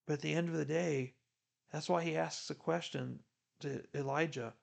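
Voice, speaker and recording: A man's voice: a little high, fairly even intonation, moderate pace, vocal fry. A man giving earnest devotional commentary on a Bible reading, preacherly and encouraging. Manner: earnest, preacherly, drops to a hush for God's quoted words.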